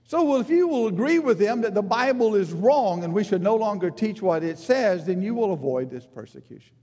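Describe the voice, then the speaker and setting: A man delivers an earnest sermon in a somewhat high but mellow voice. He climbs in pitch to stress a point, then sinks low and soft. His words ring out with a long hall reverb. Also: expressive, brisk. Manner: earnest, rises in emphasis then drops low and quiet. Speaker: preacher.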